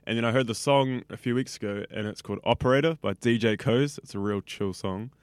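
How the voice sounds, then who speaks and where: Interviewed casually, this 21-year-old radio student from New Zealand talks a little fast in a medium-pitched voice. His chatty answers ramble and brim with fillers, "like" especially, and the sound has no echo.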